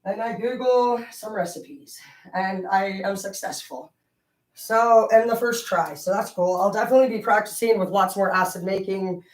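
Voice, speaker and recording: A woman's voice: mid-range voice, moderate pace, reverberant, far from the mic, rough recording. Profane, rambling woman telling wild stories. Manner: profane, rambling, excitable storyteller. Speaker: tarot reader. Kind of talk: casual spiritual reading vlog with storytelling.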